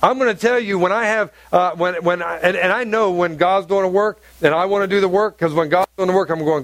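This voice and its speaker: High-voiced man preaching emphatically. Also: brisk, hardly any pauses, a bit bright, no echo. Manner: emphatic, repeats phrases and asks the congregation questions. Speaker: pastor. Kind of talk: sermon. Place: church hall with congregation.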